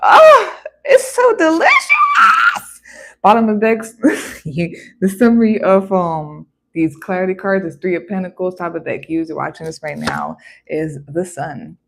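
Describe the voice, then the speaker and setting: A woman giving a casual tarot card reading, chatty and animated, breaking into exclamations and playful voices. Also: on the low side, moderate pace, vocal fry.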